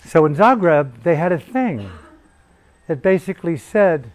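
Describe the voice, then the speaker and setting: A meditation teacher gives a profane, provocative dharma talk in a retreat hall in Bali, his manner swearing and intense. His voice is a little high and sing-song, and he speaks a little slowly.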